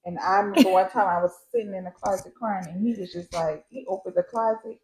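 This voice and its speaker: A woman's voice: mid-range voice, quick pace, low-quality recording. A woman co-hosting a casual podcast chat, telling earnest personal stories. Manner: earnest storyteller, lively reactions. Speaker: podcast co-host.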